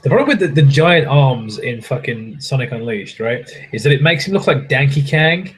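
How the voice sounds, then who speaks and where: Young guy, husky and rambling, mid-pitched, swears a lot and answers viewer chat from a hotel room. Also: animated, normal speed, poor audio. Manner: rambling, swears freely, self-mocking. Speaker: livestream host answering chat. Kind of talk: casual chat.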